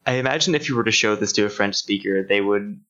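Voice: low voice, quick pace, sharp tone, muffled recording. A person in casual chat with friends, playful and giggly.

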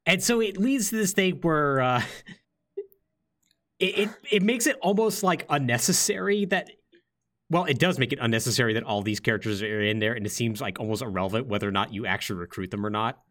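A man's voice: medium pitch, fairly quick. A young man co-hosting a casual podcast, talking loosely with fillers and short laughs. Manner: lively, rambling with fillers and laughs. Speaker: podcast co-host. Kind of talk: casual chat.

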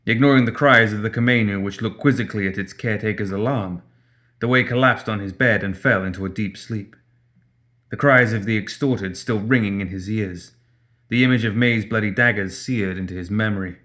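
A man narrates a story with a steady, measured delivery. His voice sits a bit lower than most. He reads each line at an even, composed pace. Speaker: audiobook narrator.

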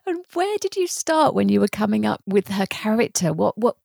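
A woman interviewer asks questions in a chatty, slightly hesitant way. Her voice is gravelly and husky. It is recorded close and dry. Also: medium pitch, big pitch swings, normal speed, dark tone, no echo. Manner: hesitant, repeats words. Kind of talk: casual interview.

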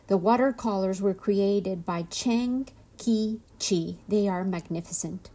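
A woman host reading a storybook aloud, slow and expressive, lingering on words. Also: medium pitch.

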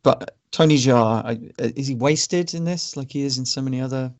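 Sex: man. Role: podcast co-host. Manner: wry and teasing. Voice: gravelly, with vocal fry. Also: mid-range voice, moderate pace, darkish tone. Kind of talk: casual film review chat.

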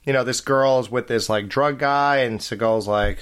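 A man's voice: medium pitch, unhurried, a bit bright, smooth. A man in casual movie chat with friends, rambling and laughing often.

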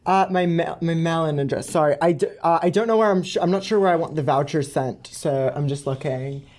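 A man's voice: a little high, fairly quick, darkish tone, natural voice. A man playing a hesitant, fumbling male caller with a put-on accent during a prank phone call, stalling with ums and restarts. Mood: flustered.

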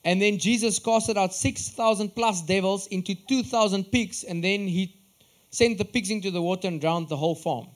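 A man with a South African accent preaching a sermon, telling stories in an earnest, expressive way. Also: high voice, moderate pace.

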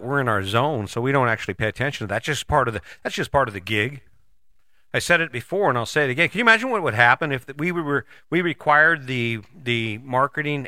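A man's voice: mid-range voice, pushed and bright, no echo, studio quality. A man in his sixties hosting a podcast, giving a blunt, folksy motivational monologue with casual swearing. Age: 60s. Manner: blunt, folksy, swears casually, jumps between voices for imagined people. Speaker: podcast host.

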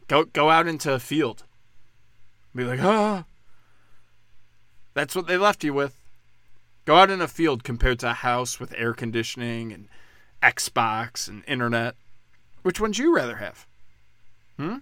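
A man delivering a profane, sarcastic political rant, swinging between loud outbursts and low muttering. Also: animated, moderate pace, pauses often, no echo. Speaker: political commentator.

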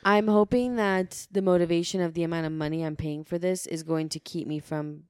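Laid-back, low-voiced woman podcaster. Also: steady tone, a little fast, darkish tone, smooth, dry recording, studio quality. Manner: laid-back, swears freely. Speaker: podcast co-host. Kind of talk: casual chat.

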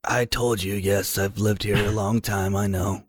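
A man's voice: lowish voice, steady tone, measured pace, husky, dry recording, clean studio sound. A man voicing a cranky, frail elderly grandfather in a tabletop game. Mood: testy. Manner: grumpy, testy old man.

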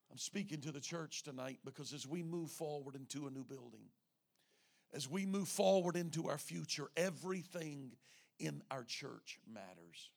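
High, gravelly-voiced man preaching. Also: lively intonation, normal speed. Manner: dramatic preaching that swings from hushed to shouted. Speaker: pastor. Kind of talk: evening sermon.

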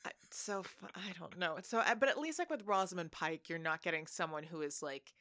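A woman co-hosts a casual film podcast, talking in an animated way with plenty of filler words. Her voice is a bit low but bright. The recording is dry, with no room sound. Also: a little fast, dry recording. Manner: animated, chatty, many fillers. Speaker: podcast co-host.

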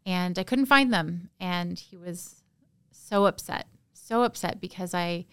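A woman from Canada, a podcast guest, recounting a personal story in a halting, emotional, soft-spoken way. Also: fairly low pitch, clear, resonant tone, dry recording, studio quality.

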